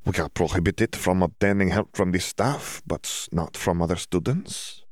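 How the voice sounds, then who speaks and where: A man reading an audiobook voices a poised young witch student, speaking in a measured, precise way close to his own low voice. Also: dry recording.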